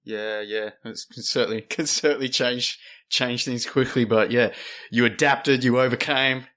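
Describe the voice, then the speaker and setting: Man, podcast host, easygoing, hesitant questions, mid pitch. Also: normal speed. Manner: relaxed, hesitant questions with many fillers. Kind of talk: casual interview.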